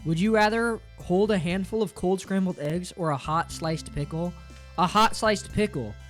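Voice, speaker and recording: A man's voice: high voice, normal speed. Profane joking male streamer. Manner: crude, profane, joking, reads chat aloud; mock-dramatic, playful teasing. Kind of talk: casual game stream chat. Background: faint game music.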